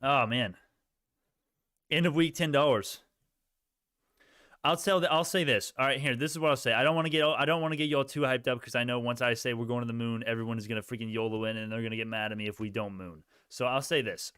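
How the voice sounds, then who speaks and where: A man's voice: medium pitch, steady tone, quick pace, fairly bright tone, clean tone, dry recording, studio quality. A man hosting a stock market live stream, answering viewer questions in a rambling, casual way while thinking aloud. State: sleepy, yawning. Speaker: stock livestream host.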